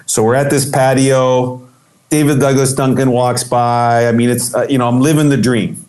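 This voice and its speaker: Animated male interview guest. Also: medium pitch, moderate pace. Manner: animated, acts out quoted voices, many restarts. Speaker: guest photographer. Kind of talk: casual storytelling interview.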